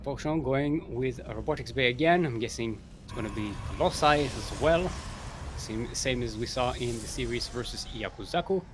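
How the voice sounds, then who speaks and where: Male caster, mid-pitched, casual live commentary with lots of fillers. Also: normal speed, background noise. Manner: rambling, chatty, with frequent fillers. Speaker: esports caster.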